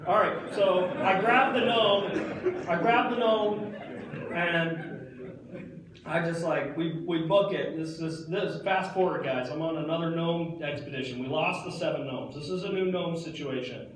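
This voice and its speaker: A young man delivers a comic monologue on stage, his talk loose and rambling and packed with "like" and "dude". His voice sits a little high for a man. It carries from a distance through a strongly echoing hall with a faint hiss of noise underneath. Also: unhurried. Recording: echoey hall picked up from far off.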